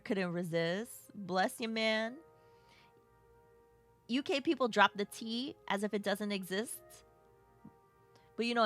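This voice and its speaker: A woman's voice: mid-range voice, fairly bright tone. A woman from Brooklyn with a New York accent, live-streaming a game, chatting playfully and reading chat aloud. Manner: playful, bouncy, chatty with viewers.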